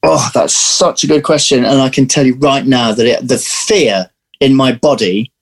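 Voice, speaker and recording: A man, an actor, chatting in an interview, telling lively stories and restarting his sentences often. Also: mid-range voice, moderate pace, husky. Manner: animated storyteller, restarts often. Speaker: actor guest. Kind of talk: casual interview chat.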